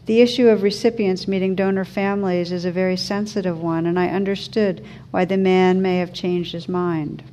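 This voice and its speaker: A woman teacher giving a slow, gentle reflective talk, reading a story aloud. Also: lowish voice, fairly even intonation, slight background noise. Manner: slow, gentle, thoughtful delivery.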